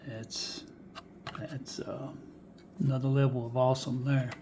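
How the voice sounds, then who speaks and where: A man collecting die-cast cars presents his finds in an easygoing show-and-tell vlog, speaking at a measured pace and medium pitch with little variation, over heavy background noise. His folksy musings frequently fall to a whisper.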